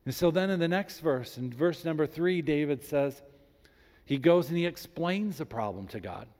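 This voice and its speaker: A man preaching a sermon as a pastor, reading scripture aloud with emphasis and animated delivery. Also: fairly high pitch, normal speed. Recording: long reverb in a large hall.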